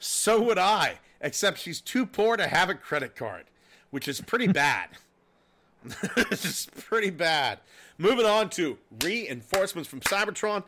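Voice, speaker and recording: Bright-voiced profane podcast host. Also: male voice, high voice, a little slow, slight background noise. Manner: profane, laughing, animated storytelling. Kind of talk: casual chat.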